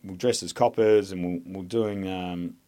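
Man, Australian accent, podcast guest, blunt and profane, somewhat low pitch. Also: steady tone, normal speed, dark tone, smooth. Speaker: podcast guest, former soldier. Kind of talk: casual conversation.

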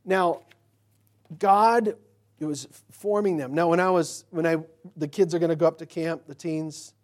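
A man preaching in a loose, conversational way. He drops into soft asides, then jumps to loud, emphatic bursts. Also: on the high side, unhurried. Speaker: pastor. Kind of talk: sermon.

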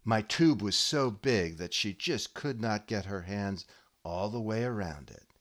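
A man hosting a podcast, giving a deadpan comic monologue with mock-earnest, solemn delivery. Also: lowish voice, measured pace. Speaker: podcast host.

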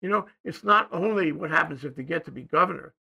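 An older man talks through a casual political discussion in a heavily gravelly, husky voice with a bright edge. He rambles and hesitates, his sentences often fading off quietly. His pitch sits a little high for a man. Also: lively intonation, fast. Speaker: co-host.

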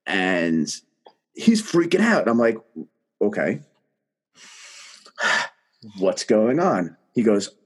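A man, a guest telling his story in casual conversation, animated and emphatic. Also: fairly low pitch, extremely slow, pauses often, husky.

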